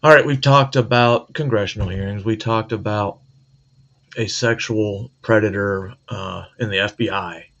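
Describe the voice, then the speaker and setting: A man's voice: lowish voice, moderate pace, fairly bright tone, muffled recording. A man hosting a commentary video, talking in a sarcastic, conversational way. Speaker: video host. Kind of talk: commentary monologue.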